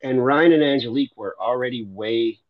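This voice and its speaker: A man's voice: medium pitch, fairly quick, no room sound, phone-quality sound. A middle-aged man sharing a personal faith testimony in a loose, rambling storytelling way, often restarting his sentences. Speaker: Christian livestreamer and foster parent.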